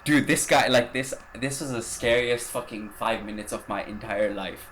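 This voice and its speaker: A man's voice: medium pitch, moderate pace, fairly bright tone, a little hiss or hum. A man hosting a podcast, telling a travel story in a rambling, casual way, swearing and using lots of fillers. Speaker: podcast host.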